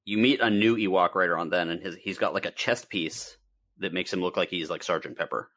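Deep-voiced man riffing on a movie. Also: brisk, a bit bright. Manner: laughs often, trailing restarts. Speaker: podcast co-host. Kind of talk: casual movie-review chat.

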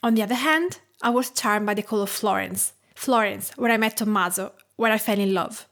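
A woman's voice: mid-range voice, a little fast, a bit bright. A woman in her thirties from Tuscany with an Italian accent, narrating her food podcast in a reflective storytelling way. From Tuscany, Italy. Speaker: podcast host.

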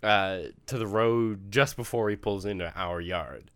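A man's voice: on the low side, unhurried, smooth, dry recording. A young man casually telling a story about his job to a friend, laughing now and then. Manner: laughs while telling, relaxed. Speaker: friend, steel-company worker.

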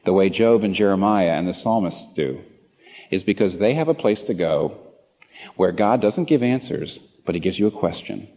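A man's voice: low voice, animated, normal speed. Impassioned male preacher in a reverberant hall. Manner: impassioned, building to emphatic rhetorical questions. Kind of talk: sermon. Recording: dull reverberant hall recording.

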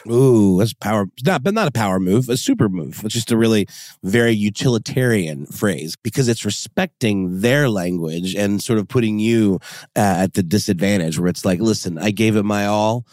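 Lowish-voiced man in eager banter. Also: dry recording. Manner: animated reactions and quick banter. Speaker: podcast co-host. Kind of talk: casual podcast chat.

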